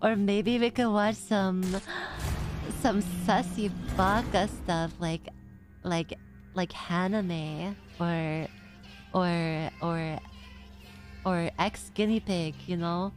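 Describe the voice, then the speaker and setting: A woman streamer giving live gameplay commentary, excitable, swearing freely and laughing often. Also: on the low side, drawn-out words, soft background music.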